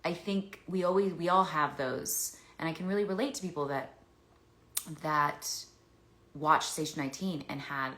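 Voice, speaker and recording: A woman's voice: low-pitched, moderate pace, fairly bright tone. A woman answering fan questions in a casual livestream chat, rambling with many restarts. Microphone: phone. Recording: echoey room.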